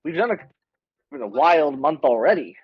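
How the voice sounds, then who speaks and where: A man's voice: a little high, expressive, moderate pace, breathy edge, no room sound. A man voicing a sheepish male adventurer who talks hesitantly with many fillers, in muffled online-call audio. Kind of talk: tabletop role-play.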